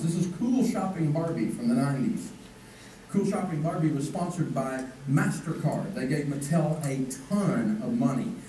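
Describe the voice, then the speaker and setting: A man teaching a live personal finance seminar in an energetic, joking way, asking the room questions. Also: a little high, slight background noise. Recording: echoey hall from far off.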